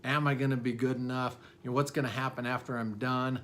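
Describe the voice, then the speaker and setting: A man's voice: medium pitch, flat delivery, fast talker, fairly bright tone, slight background noise. Middle-aged dentist guy telling a story, candid, pokes fun at himself, lots of um and you know. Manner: candid, self-deprecating, with many fillers and restarts. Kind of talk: personal storytelling.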